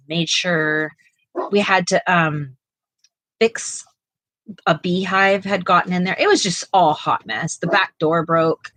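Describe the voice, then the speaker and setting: A woman's voice: low-pitched, fairly bright tone, no room sound, low-quality recording. A middle-aged woman co-hosting a live art stream, chatting casually and rambling with lots of fillers and restarts. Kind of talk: casual chat while painting.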